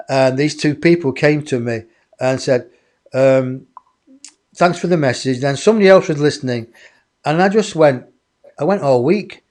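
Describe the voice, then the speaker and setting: A man, a guest in an interview, telling a personal story in a lively way and acting out other people's voices. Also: fairly high pitch. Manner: animated, acts out others' voices.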